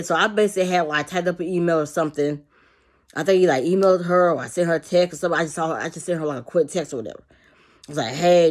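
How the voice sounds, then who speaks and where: A woman who works with young children, venting in a rambling, profane way and repeating herself as she tells a story about work. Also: on the low side. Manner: acts out quotes of coworkers. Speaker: childcare worker. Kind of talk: casual venting monologue.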